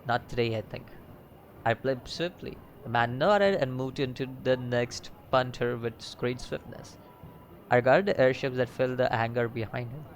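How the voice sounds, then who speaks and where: A man's voice: mid-range voice, moderate pace, a little hiss or hum, poor audio. A man hosting a gaming channel, reading a story game aloud with stumbles, restarts and casual asides.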